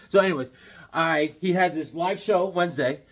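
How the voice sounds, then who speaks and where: A man in a casual vlog, excitedly showing off his comic collection with rambling, self-deprecating asides. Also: fairly high pitch, moderate pace. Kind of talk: casual show-and-tell vlog.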